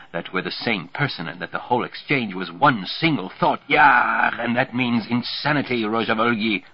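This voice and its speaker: A timid, uneasy man talks slowly and mildly, with a husky, lowish voice, as a male reader plays him. The recording sounds dull and lo-fi. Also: no echo. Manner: slow, hesitant, mild.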